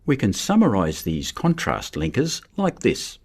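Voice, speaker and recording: A man with a husky, breathy voice narrates a grammar lesson in a measured, explanatory way. His pitch sits fairly low and swings widely across each phrase. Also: wildly swooping pitch. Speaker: teacher. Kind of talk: scripted instructional narration.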